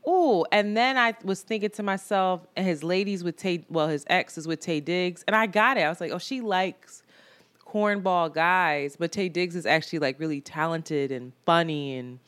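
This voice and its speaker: A woman co-hosting a podcast in casual chat, animated and laughing, jumping from loud outbursts to low mutters. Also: brisk, hardly any pauses. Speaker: podcast co-host.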